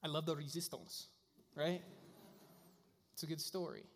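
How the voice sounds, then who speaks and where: A man's voice: fairly high pitch, steady tone, measured pace. A man preaching a sermon as a pastor, telling stories in a casual way with lots of fillers. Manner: casual storytelling with frequent fillers. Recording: long hall reverb.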